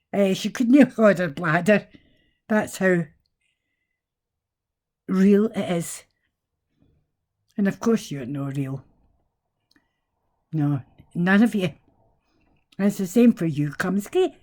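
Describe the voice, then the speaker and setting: Older Scottish woman with a lowish voice, chatty, quick to get indignant. Home video monologue. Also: a little mellow. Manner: chatty storytelling, turning to indignant outbursts. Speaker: retired nurse vlogger. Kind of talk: rambling political monologue to camera.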